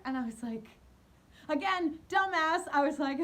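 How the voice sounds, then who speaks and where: A young woman telling a dating horror story in a storytime vlog, animated and giggly, mocking herself. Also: sits high, normal speed. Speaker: vlogger.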